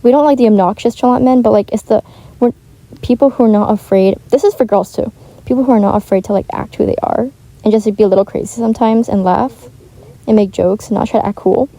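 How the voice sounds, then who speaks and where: A woman's voice: a little high, quick pace, dark tone, rough recording. A teenage girl chatting casually and rambling as a vlogger, with many "like" fillers and restarts. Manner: chatty, rambling, heavy use of "like". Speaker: gaming vlogger. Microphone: home microphone, not high-end.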